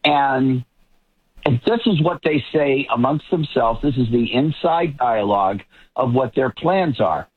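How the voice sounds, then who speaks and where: A man's voice: medium pitch, expressive, measured pace, slightly rough, narrow, tinny audio. A man from the Boston area giving emphatic political commentary as a talk show guest, often repeating words as he builds a point. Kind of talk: talk show panel discussion.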